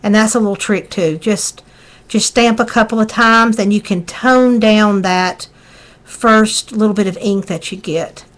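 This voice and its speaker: A woman's voice: medium pitch, unhurried. A middle-aged woman with a Southern US accent, chatting through a live craft tutorial in a folksy way as she works. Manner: chatty, folksy, talks while working. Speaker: craft demonstrator.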